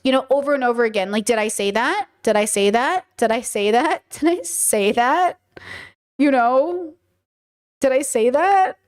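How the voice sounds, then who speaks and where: Animated woman host, high voice. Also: normal speed. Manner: animated, acts out quoted exchanges. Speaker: podcast host reacting to a video. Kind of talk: casual chat.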